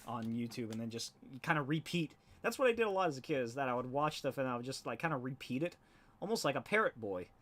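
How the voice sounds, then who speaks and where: A man's voice: mid-range voice, a bit bright. A comic artist rambling casually on a live stream while he inks, laughing often and swearing offhandedly.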